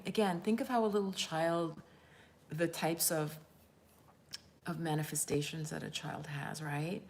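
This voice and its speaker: A woman with a lowish voice hosts a casual live stream as a spiritual coach. She talks in a rambling, candid way and turns to her viewers often. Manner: rambling, chatty and candid, addresses viewers directly.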